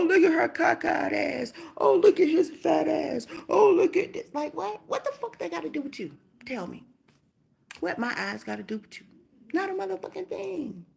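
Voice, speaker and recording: A woman's voice: sits high, gravelly, darkish tone. A young woman ranting bluntly and profanely on a casual livestream, firing off rhetorical questions while doing her hair.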